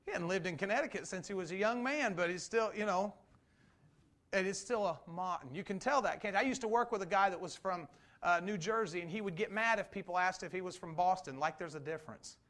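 A man preaching a conversational sermon, full of rhetorical questions, swinging between loud emphasis and slow, quiet stresses. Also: sits high. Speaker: pastor.

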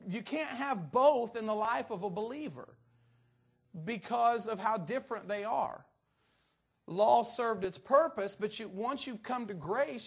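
A man preaching a conversational sermon to his congregation, earnest and halting, often restarting his sentences. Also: high voice, creaky, breathy edge.

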